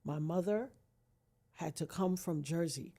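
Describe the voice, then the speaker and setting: A woman's voice: lowish voice, measured pace. A woman, a podcast guest, telling a dramatic personal story and acting out the voices of others. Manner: dramatic, acts out quoted voices, swings from hushed to near-shouting. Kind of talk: emotional storytelling.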